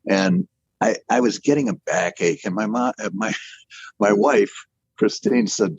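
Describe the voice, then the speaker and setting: A man's voice: lowish voice, expressive, unhurried, a little mellow, husky, dry recording, lo-fi sound. An older man telling his career story in a rambling, self-deprecating way, often restarting his sentences. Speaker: interview guest, animator. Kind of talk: casual storytelling.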